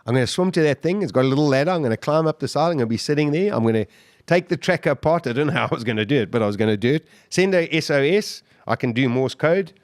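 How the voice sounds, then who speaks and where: Animated man telling a survival story. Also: fairly high pitch, rapid-fire, dry recording, clean studio sound. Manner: animated, with frequent restarts and sudden surges of emphasis. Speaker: podcast guest. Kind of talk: dramatic first-person storytelling.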